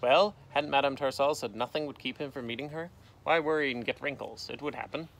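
A man, a teacher, reading a storybook aloud outdoors, with lively voices for the characters and a gentle sign-off. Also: mid-range voice, brisk, vocal fry. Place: outdoors in a canoe.

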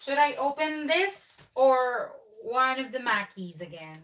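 Giggly higher-voiced English woman. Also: slow pace, distant mic. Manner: giggly, excitable. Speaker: co-host. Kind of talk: casual unboxing chat.

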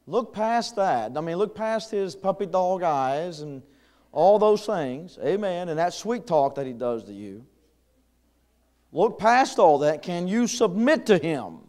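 A man's voice: sits high, very animated, slow, long pauses, a little mellow. A middle-aged man, preaching a conversational sermon in a church, with chuckles and fillers. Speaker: pastor. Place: church sanctuary.

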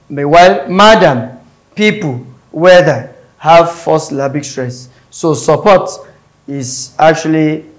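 Male tutor, slightly high voice, patient step-by-step explainer who repeats words aloud. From Nigeria. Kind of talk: exam-prep English lesson.

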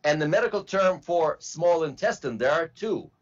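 A man teaching medical terminology to a class, slowly spelling out word parts and asking students to repeat. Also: a little high, animated, highs cut off. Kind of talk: classroom lecture.

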